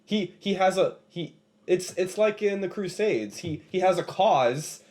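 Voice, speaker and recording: A man's voice: sits high, expressive, a little slow, darkish tone. A man playing a tabletop game, joking and laughing often. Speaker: player. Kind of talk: casual tabletop play.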